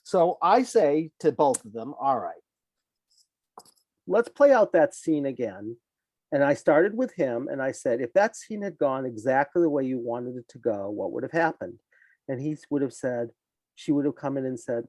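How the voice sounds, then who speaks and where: A man's voice: medium pitch, animated, moderate pace, a little mellow, no room sound. An older man, a psychologist guest, telling a case story in conversation and acting out his clients' lines with animation.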